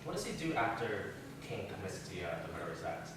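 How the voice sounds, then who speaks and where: A man's voice: deep voice, very animated, brisk, noisy background. A man leading an interactive Bible class in a church room, questioning his listeners in a chatty way. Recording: very echoey room, far from mic.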